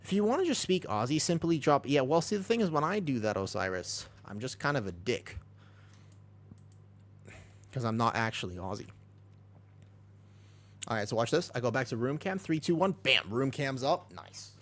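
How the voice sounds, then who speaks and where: A man's voice: mid-range voice, very animated, moderate pace, pauses often, a bit bright. A man streaming from his bedroom, chatting casually with viewers and swearing freely. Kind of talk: casual chat to a live stream.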